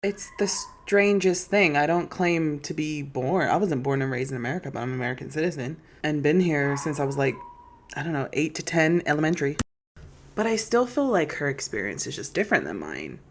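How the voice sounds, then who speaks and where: A woman with a low voice hosts a solo commentary podcast. Her pitch swoops and jumps with every point she makes, and she sounds sassy and incredulous, talking straight to her listeners. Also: expressive, fairly quick, slight background noise. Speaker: podcast host.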